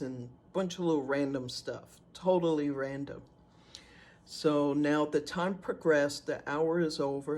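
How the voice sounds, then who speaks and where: A man telling a personal story in an unhurried, halting way with fillers and pauses. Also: on the high side, darkish tone. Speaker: storyteller sharing a personal testimony.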